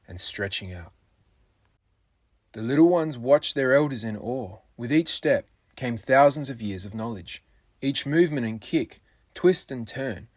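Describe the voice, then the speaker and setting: Husky-voiced man telling a story. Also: fairly low pitch, no echo. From Australia. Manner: expressive storyteller, rises and drops for effect. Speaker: children's book author. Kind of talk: reading a children's story aloud.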